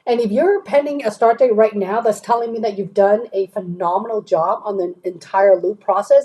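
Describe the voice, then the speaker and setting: Chatty woman career coach, mellow husky voice. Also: medium pitch, a little fast, few pauses, poor audio. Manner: chatty, keeps checking in with "okay?". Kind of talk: live-stream chat answering viewers.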